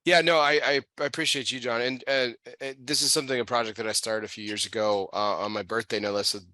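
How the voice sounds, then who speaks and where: A podcast host runs a casual talk show, chatting loosely with many fillers and restarts. He speaks fast in a mid-range voice that is steady in tone yet sharp, and there's no echo.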